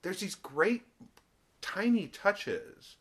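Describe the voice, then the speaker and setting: A man's voice: high-pitched, drawn-out words, breathy edge. A man co-hosting a podcast, chatting casually and animatedly about a TV episode. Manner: animated, jumps into voices when retelling. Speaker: podcast co-host.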